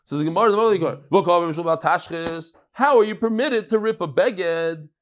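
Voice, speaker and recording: Speaking in a high-pitched voice at a slightly fast clip, this male rabbi reasons out loud through a daily Talmud class. He dramatizes the exchanges and sprinkles Hebrew and Aramaic terms into his English.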